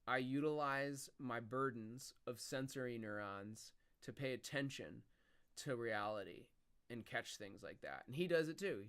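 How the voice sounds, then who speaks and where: A man's voice: medium pitch, fairly bright tone. A man rambling and musing as he chats to viewers on his live stream. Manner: rambling, musing, talks to chat. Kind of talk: casual live-stream chat.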